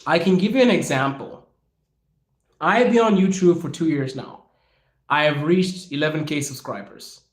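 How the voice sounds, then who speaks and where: A man hosting his own podcast, answering viewer questions in a casual, animated way and acting out the people he quotes. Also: fairly high pitch, moderate pace, roomy sound. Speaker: podcast host. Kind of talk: casual Q&A monologue. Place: lives in Russia.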